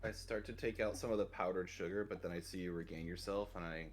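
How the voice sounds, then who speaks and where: A man playing a tabletop game, describing his character's actions in a relaxed way with many fillers. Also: sits low, quick pace. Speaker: player. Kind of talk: casual tabletop play.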